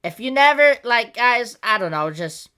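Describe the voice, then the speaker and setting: A woman's voice: fairly high pitch, lively intonation, normal speed, pushed and bright. A woman hosting a casual podcast, talking in an exasperated rant and swearing freely. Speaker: podcast host.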